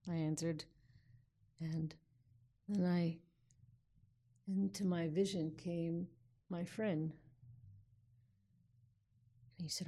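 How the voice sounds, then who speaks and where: Low-voiced woman telling a story. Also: steady tone, warm tone. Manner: unhurried, vivid, dramatic pauses. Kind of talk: personal story told aloud.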